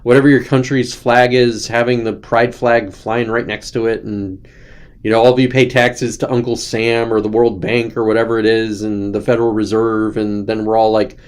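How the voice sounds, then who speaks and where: A man's voice: on the low side, little pitch movement, moderate pace, smooth. A man hosting his own show, talking in a loose, ranting, sarcastic way and often slipping into mocking quotes. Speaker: host. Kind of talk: casual political commentary.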